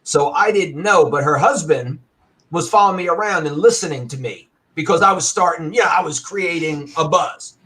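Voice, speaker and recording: A man telling a story with animation and a loud, bellowing voice at times, as a guest on a talk show. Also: on the high side, moderate pace. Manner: loud, bellowing when acting out his anger. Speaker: arcade owner and guest.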